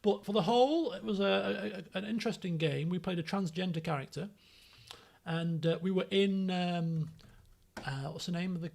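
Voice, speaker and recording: A man's voice: sits high, moderate pace, gravelly, a little mellow. A man with a Yorkshire accent, chatting casually on his stream, rambling with many fillers and restarts. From Yorkshire, England. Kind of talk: casual chat.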